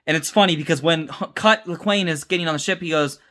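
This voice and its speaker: A man's voice: fairly high pitch, fast, pushed and bright. A tired young man giving a casual, unscripted episode review, rambling with restarts and mixing up names.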